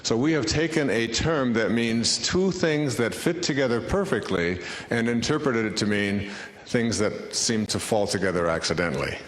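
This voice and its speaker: A man's voice: mid-range voice, lively intonation, moderate pace. A man, a spiritual speaker and author, telling a story to an audience in a wry, conversational way, recorded in an echoey lecture hall.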